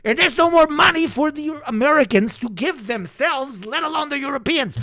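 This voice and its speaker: A man streaming a profane, heated political rant, sweating and shouting at times. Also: very high voice, animated, moderate pace, gravelly, hardly any pauses, no room sound. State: sweating, flushed. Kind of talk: ranting political commentary.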